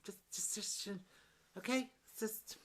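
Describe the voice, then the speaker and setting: A woman's voice: mid-range voice, takes it slowly, lightly acted. Woman playing a fussy demanding date. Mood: fussy, bossy. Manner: stammering, bossy, flares into shouting. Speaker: improviser. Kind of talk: improvised comedy scene.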